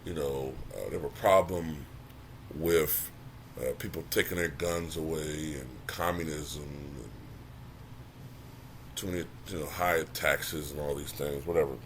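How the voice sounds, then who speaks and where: A man hosting his own channel, giving casual commentary that runs from flat and low-key to animated and exasperated. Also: unhurried, slight background noise. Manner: animated, rising to exasperated near-shouting; says he can sound monotone at times. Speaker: channel host.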